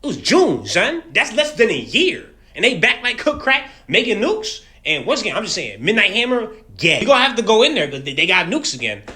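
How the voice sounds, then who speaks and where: A man rants about politics in blunt, mocking street slang. His voice is high and bright, and it swings widely in pitch as he goes. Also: wildly swooping pitch, a little fast, hardly any pauses. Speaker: political commentator. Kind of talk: profane political rant.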